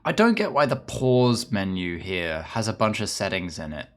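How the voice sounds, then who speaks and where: A man's voice: lowish voice, lively intonation, moderate pace. A man with an English accent streaming a game, chattering casually in a profane, rambling, ranting way.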